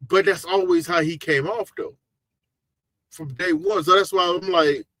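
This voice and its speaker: A man hosting a casual live podcast chat, talking in an animated, slangy, jokey way. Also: high-pitched, moderate pace, no room sound. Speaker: podcast host.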